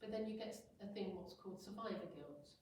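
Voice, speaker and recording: A middle-aged woman gives an informal talk to an audience, chatty and down to earth, slipping into quick quoted voices to act out little scenes. Her voice has a middling pitch and is heard from some distance off, in a very reverberant room with faint background hiss. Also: darkish tone. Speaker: hypnotherapist giving a talk. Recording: very echoey room, voice far from mic.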